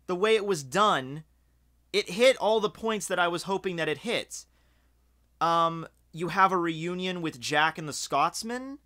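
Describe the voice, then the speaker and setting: Bright-voiced guy rambling excitedly in a video review, swears a lot, lots of um and uh. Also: high voice. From Scotland. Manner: rambling and excited, swears casually, many fillers. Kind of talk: casual video commentary.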